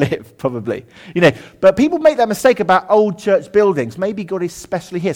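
Ums and digressions run through this man's conversational sermon, delivered in a lecture room, where he repeatedly lowers his voice.

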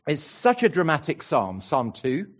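A man's voice: on the high side, huge pitch swings, a little slow, muffled recording. A man preaching a sermon to a congregation, emphatic and playful. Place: church hall with a congregation.

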